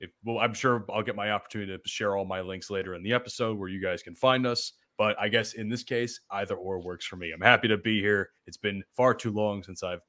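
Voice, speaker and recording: A man's voice: on the low side, fairly even intonation, a little fast, hardly any pauses, bright, forceful tone, no echo, clean studio sound. An American man guesting on a casual podcast, friendly and goofy in his chat.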